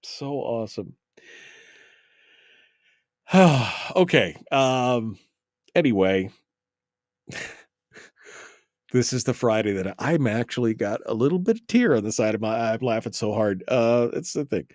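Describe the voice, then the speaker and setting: Animated laughing male talk host. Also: medium pitch, unhurried, long pauses, no room sound, clean studio sound. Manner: animated, laughs often, exasperated asides. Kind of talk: casual radio talk.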